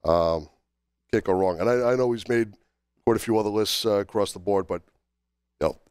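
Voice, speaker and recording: Male podcast co-host, low smooth voice, under the weather, halting delivery, dry close sound. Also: darkish tone, dry recording. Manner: halting, many fillers and restarts while listing. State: under the weather, on cold medicine. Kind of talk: casual podcast chat.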